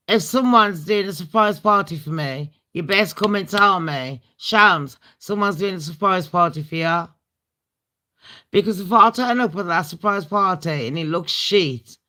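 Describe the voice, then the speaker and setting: Give me a British woman chatting casually with her viewers, bright and forceful, blunt and crude. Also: on the low side. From Britain. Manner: blunt, profane, laughing asides. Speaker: livestream host. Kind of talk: casual storytime chat.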